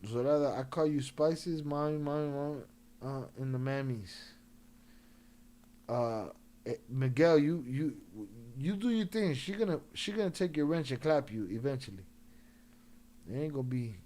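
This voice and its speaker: A man's voice: medium pitch, animated, normal speed, warm tone. Guy hosting a late-night stream, a few drinks in, joking around in slang, laughs a lot. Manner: loose, joking slang talk, laughing often. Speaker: livestream host. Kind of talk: casual live-stream chat.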